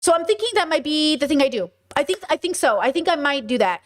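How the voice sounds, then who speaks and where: A woman from the United States chatting in an animated, rambling way on a podcast, now and then swearing. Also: sits high, fast talker. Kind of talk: casual discussion.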